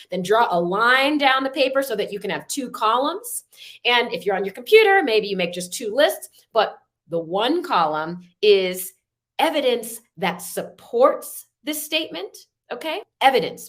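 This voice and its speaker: A woman leading an online workshop, who gives calm, measured prompts and adds casual asides that end in "okay?". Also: on the high side. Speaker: workshop facilitator. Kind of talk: online workshop with a guided reflection exercise.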